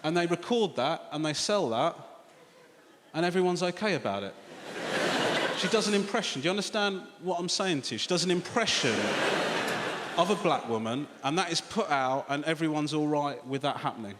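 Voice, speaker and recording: A man with an English accent doing a stand-up comedy set on a large theatre stage, animated and swearing, with mocking asides to the crowd. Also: fairly high pitch, normal speed. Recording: roomy live theatre recording with loud crowd noise.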